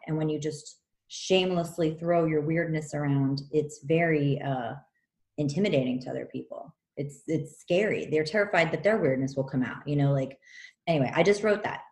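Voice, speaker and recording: A woman co-hosting a casual chat, telling a personal story in an animated, frank way and swearing freely. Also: low-pitched, normal speed. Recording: roomy echo.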